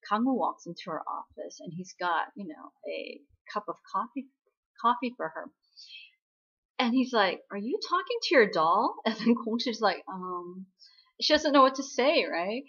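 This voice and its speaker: Woman host, casual episode recap, chatty storyteller; mid pitch, slightly muffled recording. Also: lively intonation, moderate pace, a bit bright, slightly rough. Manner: chatty, retelling scenes with frequent tag questions.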